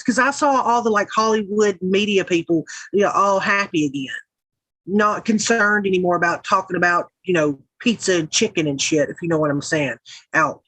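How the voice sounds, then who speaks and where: A woman's voice: on the low side, normal speed, fairly bright tone, breathy edge, dry recording, low-quality recording. Rambling, cussing Southern woman streamer. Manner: rambling and profane, laughing as she goes. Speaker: livestream host. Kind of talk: casual chat reading live comments.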